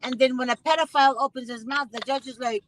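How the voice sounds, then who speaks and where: High, bright-voiced impassioned woman host. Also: steady tone, fast, slight background noise, rough recording. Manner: emphatic, impassioned, repeats herself. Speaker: mother. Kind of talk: casual conversation.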